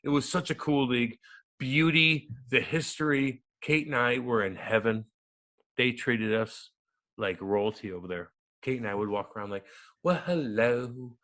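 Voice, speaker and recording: A man in his thirties, a former hockey enforcer, telling stories in an interview with a loud, profane manner that swings down to soft mumbles. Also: mid-range voice, steady tone, moderate pace. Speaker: guest, former hockey enforcer and radio host. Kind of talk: animated interview storytelling.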